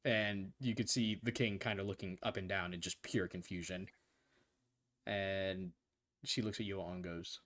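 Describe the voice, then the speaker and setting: A man's voice: low-pitched, steady tone, moderate pace, fairly bright tone. A man narrating a tabletop game as game master, casual and loose. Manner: casual, laughs often, loose swearing.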